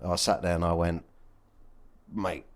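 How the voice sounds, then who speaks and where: Podcast guest: man, 30s, low voice, raw and candid, curses a lot. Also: flat delivery, measured pace. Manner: blunt and emotional, swears freely. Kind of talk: candid casual chat.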